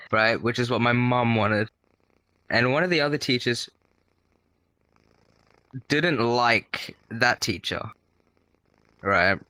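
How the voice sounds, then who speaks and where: A man's voice: medium pitch, bright, forceful tone, dry recording, low-quality recording. A young man from Australia telling rambling, profane stories on a casual podcast, tagging his sentences with "right?". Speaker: podcast co-host.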